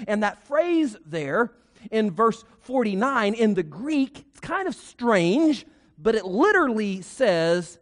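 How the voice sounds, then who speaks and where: A man preaches with a high, lively voice that rises and falls sharply. He leans on folksy humor and rhetorical questions. His words ring out with a long reverb, like a church sanctuary. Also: slow. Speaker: pastor. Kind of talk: sermon.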